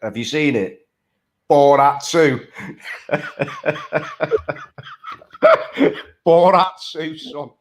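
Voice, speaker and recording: A man's voice: fairly high pitch, lively intonation, extremely slow, long pauses. A man co-hosting a casual chat, blokey and sweary, calling people mate. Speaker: co-host. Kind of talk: casual late-night chat.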